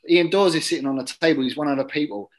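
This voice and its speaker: A man telling a long casual anecdote as an interview guest, chatty and drifting into quiet muttered asides. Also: a little high, fast talker, low-quality recording. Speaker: guest, former footballer.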